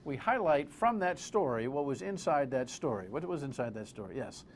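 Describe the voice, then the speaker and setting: A man hosting a live TV political talk show, animated and exclamatory, full of rambling asides. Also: medium pitch, moderate pace, slight background noise.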